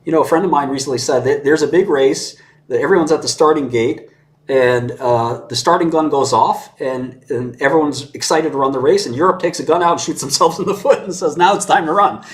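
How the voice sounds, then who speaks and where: A man with a voice on the high side talks fairly quickly in a casual conversation. He's opinionated and sarcastic, chuckling mid-sentence and mimicking others in mocking voices.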